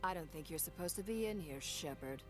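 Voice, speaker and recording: A woman's voice: low voice, lively intonation, a little fast, over music. A woman voicing a tough, hostile female security sergeant in a video game, speaking with contempt and menace.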